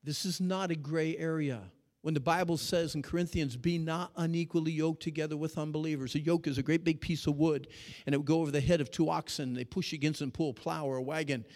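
A man preaching to teenagers, animated and playful, acting out little scenes and getting the crowd to repeat after him. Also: fairly high pitch, fairly quick. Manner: animated, acts out dialogue, calls for audience response. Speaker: youth pastor. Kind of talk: sermon to teens. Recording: long reverb of a large hall.

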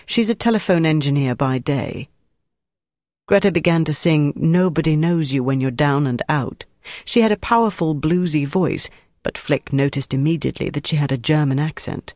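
A narrator reading a novel in a steady, measured voice. The pitch sits in the middle, and the sound is dry and close. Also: no echo. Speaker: audiobook narrator. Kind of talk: scripted narration.

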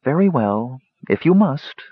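A man putting on a languid, teasing dark-haired beauty. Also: mid-range voice, big pitch swings, unhurried, husky, dry recording, voice pushed up. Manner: soft, sighing, coaxing delivery. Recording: dull lo-fi dry recording.

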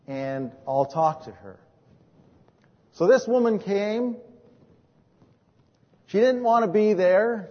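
High-voiced preacher in an echoing hall. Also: male voice. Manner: storytelling, swings from hushed to emphatic. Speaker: pastor. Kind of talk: sermon with personal testimony. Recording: dull recording in a reverberant hall.

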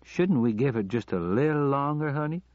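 A man's voice: mid-range voice, expressive, moderate pace, darkish tone, no echo, pitched above the performer's own voice, natural voice. A fussy Southern wife, as a man puts her on. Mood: coaxing. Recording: slightly dull lo-fi recording.

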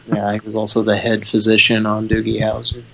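A man co-hosting a live comedy show, trading deadpan wisecracks. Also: on the low side, a little fast, gravelly, rough recording. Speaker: co-host. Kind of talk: loose live banter.

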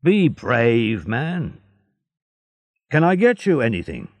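A man's voice: mid-range voice, wildly swooping pitch, takes it slowly, dry recording, pitched above the performer's own voice, full character voice. A man voicing a blunt, weary male prison guard with a brusque, matter-of-fact manner.

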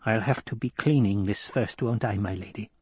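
Man voicing a low, husky desert housekeeper woman. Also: a little mellow, dry recording. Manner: slow, low and muttering. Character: fierce desert housekeeper woman, secretive and devout. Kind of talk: audiobook character voice.

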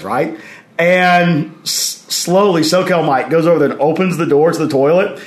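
As a podcast guest, a man with a slightly raised, somewhat high voice tells stories at normal speed in casual conversation. He's energetic, acts out other people's lines in his anecdotes, and laughs as he goes. The room adds a noticeable echo.

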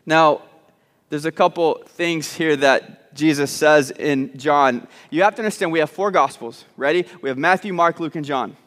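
A pastor preaching a sermon, emphatic and repetitive, with joking asides to the congregation. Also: male voice, on the high side, moderate pace, fairly bright tone. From Southern United States (Arkansas, Texas). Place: church sanctuary. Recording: long church reverb.

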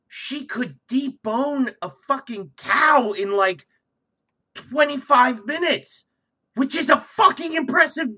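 A man co-hosting a comedy podcast, telling a story loudly and profanely in casual chat. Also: extremely high pitch, slow. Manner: profane, loud and animated storytelling. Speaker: podcast co-host.

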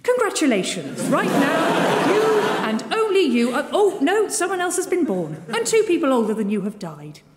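An actress playing a chirpy female announcer who teases the listener in a bright, sing-song manner, in a comic radio sketch. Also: sits high, very animated, moderate pace, few pauses. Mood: teasing. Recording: echoey hall with loud background noise.

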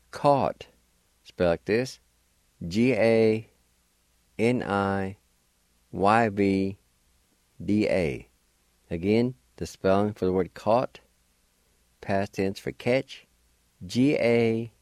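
A man hosts a radio language lesson, spelling words letter by letter and patiently urging listeners to practice. His voice is on the low side with a darkish tone, in a dry recording.

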